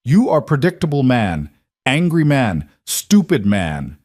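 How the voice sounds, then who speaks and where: A man's voice: medium pitch, wildly swooping pitch, unhurried, darkish tone, dry recording, clean studio sound, pitched above the performer's own voice. A man voicing a cold, menacing Russian crime boss in an audio story, with clipped, broken-English threats.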